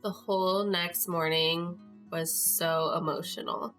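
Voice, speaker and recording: Young Midwestern woman host, chatty storyteller, lowish voice, soft music under her. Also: fairly even intonation, takes it slowly. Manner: chatty, lots of "like", emotional. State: tearful at moments. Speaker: podcast host. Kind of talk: casual personal storytelling.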